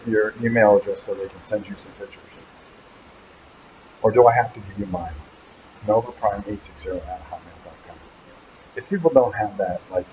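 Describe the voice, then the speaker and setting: Male host, lowish dark voice, teasing rambling live chat, muffled webcam audio. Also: slight background noise. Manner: teasing, rambling, joking about a helper. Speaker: channel host. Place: animal hospital waiting area.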